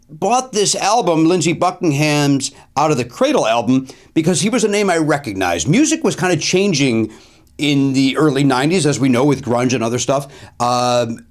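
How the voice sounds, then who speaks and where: A middle-aged male comedian and host telling a story in a lively monologue, full of ums and uhs, pushing his voice up to stress the punchlines. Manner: animated, swings pitch up for emphasis, filler-heavy.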